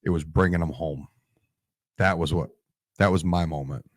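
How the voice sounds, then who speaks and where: In a casual interview, a Marine veteran in his forties tells war stories, tearing up, swearing, and restarting sentences. His low-pitched voice holds a steady tone at a moderate pace, recorded clean in a studio with no room sound.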